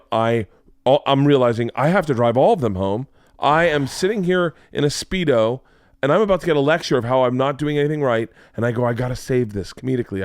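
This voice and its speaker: A man in his forties, a podcast host, telling a story in casual chat and acting out the quotes with lively energy. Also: mid-range voice, smooth, dry recording, studio quality. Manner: animated storyteller who acts out quotes.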